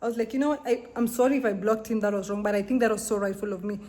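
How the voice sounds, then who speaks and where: A woman's voice: medium pitch, steady tone, racing, mellow. Young woman telling an exasperated story. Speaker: vlogger. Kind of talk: casual storytelling vlog.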